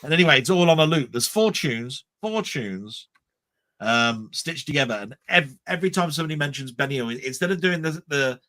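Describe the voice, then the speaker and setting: Bright-voiced rambling man chatting. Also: on the high side, animated, brisk. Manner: rambling, stop-start storytelling with repeated words. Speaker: livestream co-host. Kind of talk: casual chat.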